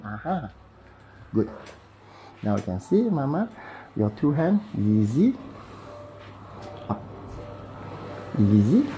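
A man's voice: medium pitch, very animated, takes it slowly, long pauses, warm tone, slight background noise, low-quality recording. A man with a Malaysian English accent who talks a patient through a hands-on bone-setting treatment, in clipped, simple phrasing and with playful sound effects as he works. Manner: playful, makes sound effects while working.

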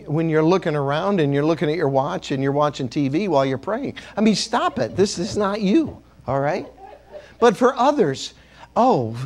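A man preaching in a church with a high, lively voice that swings up and down. He jokes with the congregation and has them repeat key words after him. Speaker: bishop. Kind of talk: sermon.

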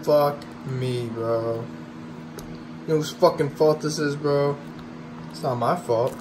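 A man vlogging while gaming, slangy and swearing constantly, flipping from mutters to yelling. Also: a little high, fairly even intonation, slow pace, noisy background. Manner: slangy, uses bro and y'all. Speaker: gaming YouTuber. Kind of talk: casual gaming vlog.

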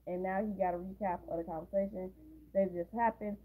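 A woman's voice: medium pitch, a little fast, slightly rough. A woman recapping a movie scene by scene in a casual way, with blunt, sarcastic asides. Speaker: movie reaction host. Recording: tinny phone-like sound.

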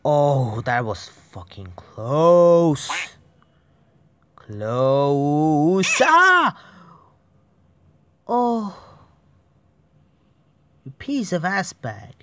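A man's voice: mid-range voice, very animated, takes it slowly, gravelly, pauses often, husky, dry recording. A frustrated man commenting on a phone game, swearing constantly and swinging between muttered whispers and sudden yelps. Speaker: mobile game player. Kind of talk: gaming commentary.

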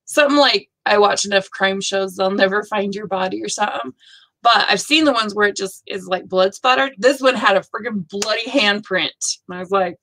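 A woman's voice: fairly high pitch, a bit bright, poor audio. A woman hosting a casual live stream, thinking aloud and gushing with frequent exclamations. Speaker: host of a live stitching show.

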